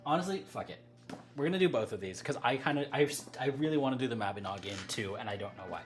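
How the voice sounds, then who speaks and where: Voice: mid-range voice, expressive, quick pace, soft background music. A livestream host chatting casually with viewers, rambling, breaking off mid-thought and laughing often.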